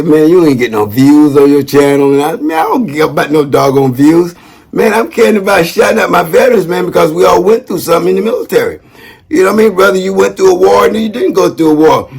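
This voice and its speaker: A man's voice: mid-range voice, vocal fry. A man casually talking to camera as a vlogger, upbeat and rambling, with lots of slang and a habit of tacking "man" onto his sentences. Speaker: vlogger shouting out veterans.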